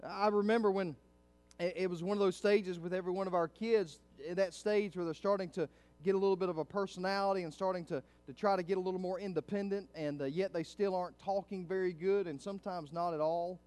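A middle-aged male pastor preaching a sermon in a church, swinging from hushed, low passages up to loud, fervent climaxes. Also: fairly even intonation, fast.

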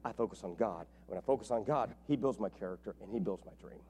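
A man's voice: fairly low pitch, quick pace, mellow, slight background noise. A male pastor preaching a sermon in a conversational way, repeating his key points for emphasis.

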